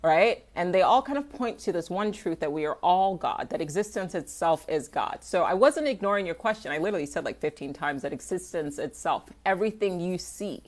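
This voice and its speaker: A woman's voice: on the low side, lively intonation, brisk, few pauses. A young woman chatting candidly on a livestream, answering viewers' questions in a rambling, loose way and swearing freely. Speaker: artist hosting a livestream. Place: home, livestream.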